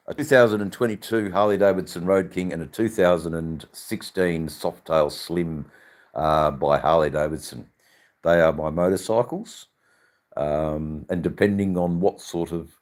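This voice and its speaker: Very deep-voiced Australian bloke rambling. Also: male voice, darkish tone. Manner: rambling, sweary, laid-back banter. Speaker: livestream host. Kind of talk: casual live-stream chat.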